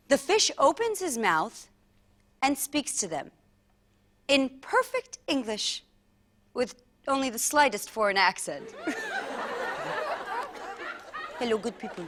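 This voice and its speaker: A woman performing a comic story in a theatrical, animated way, with laughing asides. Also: on the high side.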